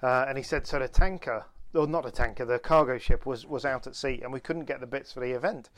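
A man casually telling an animated anecdote on a podcast, with many restarts. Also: mid-range voice, fast, no echo. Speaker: podcast co-host. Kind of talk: casual storytelling chat.

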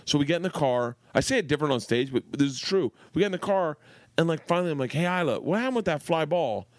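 A man in his forties, a comedian guest, spins a profane, laugh-filled story about his young daughter. His pitch leaps around as he acts out each line, and the recording is close and dry with no room sound. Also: quick pace, dry recording. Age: 40s. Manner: animated, profane, laughing through anecdotes. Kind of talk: casual storytelling on a podcast.

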